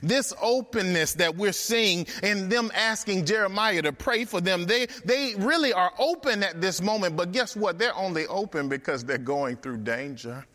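A man's voice: high-pitched, animated, normal speed, hardly any pauses, bright, forceful tone, big-room sound. A man preaching a sermon, emphatic and rhythmic, repeating phrases for effect.

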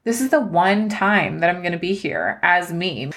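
On her personal podcast, a thirtysomething host shares life updates, earnest and emotional and sometimes tearful. Her voice is fairly low, animated and fairly bright, at a normal speed.

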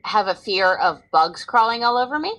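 A young woman co-hosts a casual podcast, teasing her friends with blunt remarks. Her voice is bright and forceful, and her pitch moves around a lot. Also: lively intonation, moderate pace, low-quality recording. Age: young adult. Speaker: podcast co-host. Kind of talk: casual chat.

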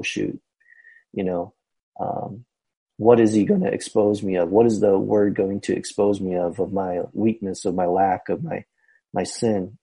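Man, low mellow voice, husky, halting with fillers, casual Bible study talk. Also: poor audio. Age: adult. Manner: halting, full of fillers and restarts. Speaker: Bible study discussion leader.

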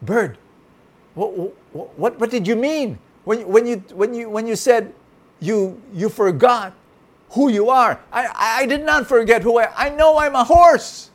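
A man's voice: very high-pitched, measured pace, voice pushed up. A man voicing a lonely, pleading horse. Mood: flustered. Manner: pleading, stammering in a raised voice. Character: lonely male horse trapped in a field.

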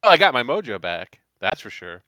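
A man's voice: mid-range voice, big pitch swings, brisk, pushed and bright, no room sound. A man co-hosting a casual podcast, rambling through details of his projects. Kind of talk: casual chat.

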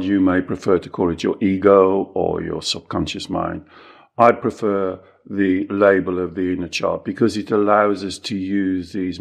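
A man's voice: on the low side, gravelly. A man, a therapist, talking animatedly and growing emphatic as he coaches listeners. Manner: animated, rising to emphatic exhortation. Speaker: therapist and podcast co-host. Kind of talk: conversational coaching talk.

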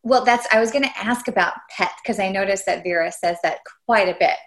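A woman's voice: medium pitch, a little fast. A woman interviewer asking curious questions and affirming answers, with stumbling restarts.

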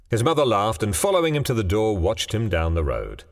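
A man narrating a ghost story in a measured, dramatic storytelling manner. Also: on the low side, wildly swooping pitch. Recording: long hall reverb, faint music.

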